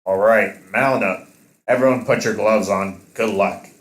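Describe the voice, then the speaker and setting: A man voicing a calm male crew boss who gives steady, commanding orders. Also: fairly low pitch, a little slow, roomy sound, close to an everyday voice.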